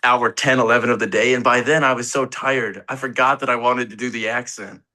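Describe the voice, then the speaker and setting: Laid-back young man with a bright voice. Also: medium pitch, steady tone, brisk. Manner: laid-back, rambling, laughs often, swears casually. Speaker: actor guest. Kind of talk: casual interview chat.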